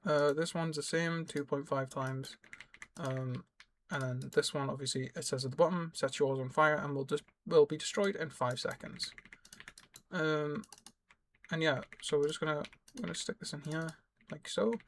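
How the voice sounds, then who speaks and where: A young man, his voice sitting a little high, talks his way through a gameplay tutorial. He rambles and restarts sentences as he explains each step, while keys clack faintly in the background. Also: steady tone, moderate pace, fairly bright tone, slight background noise. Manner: rambling, self-correcting, explains as he plays. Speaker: gaming YouTuber. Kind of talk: casual gameplay tutorial commentary.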